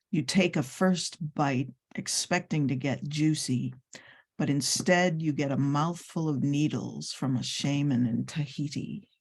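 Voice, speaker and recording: A woman in a poetry workshop, reading poems aloud in a steady, deliberate way. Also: deep voice. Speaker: workshop participant.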